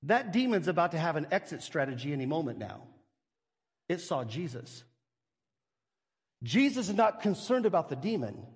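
High-voiced man preaching in a reverberant hall. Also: very animated, normal speed, pauses often. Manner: expository preaching with rhetorical questions and acted-out scenes. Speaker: pastor. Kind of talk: sermon.

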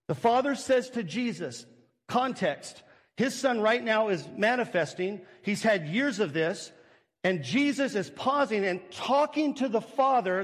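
A man's voice: high-pitched, in a large hall. A male pastor preaching a sermon, walking through a scripture passage with rhetorical questions and acted-out scenes.

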